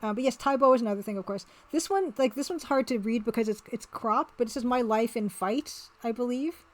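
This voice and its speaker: Chatty woman streamer with a high voice. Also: fairly quick. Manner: rambling, chatty, reads and answers chat, laughs often. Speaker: streamer and pixel artist. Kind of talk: casual live-stream chat.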